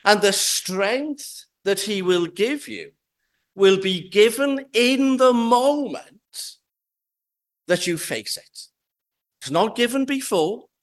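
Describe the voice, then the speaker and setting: Male preacher, high voice, unhurried, measured sermon delivery with careful emphasis. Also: expressive. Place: church with pews.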